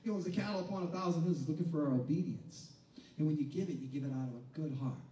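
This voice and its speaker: A high-pitched male pastor preaching in a conversational style, who plays out the voices of reluctant churchgoers before building to loud, emphatic peaks. He sounds far from the mic in a reverberant room, with a faint hum of ambience behind him. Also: fast. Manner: conversational preaching, acting out doubters' voices, building to shouted climaxes. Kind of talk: sermon. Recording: echoey room picked up from a distance, faint ambience.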